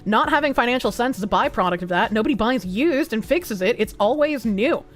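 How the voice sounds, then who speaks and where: A woman's voice: on the high side, fairly quick. A woman, streaming and chatting casually as she reads out donations, swearing freely and gasping now and then. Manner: lively, swears casually, gasps and sings snippets. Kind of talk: casual livestream chat reading donations.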